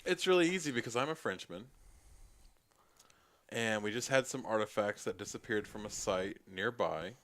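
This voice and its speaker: Give me a low-voiced man joking around as a tabletop player. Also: moderate pace, a bit bright. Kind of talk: casual tabletop game chat.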